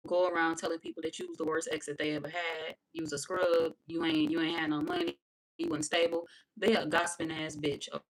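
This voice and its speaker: A woman's voice: on the low side, low-quality recording. Brash, profane woman reading tarot live. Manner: brash, profane, animated, laughing. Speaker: tarot reader.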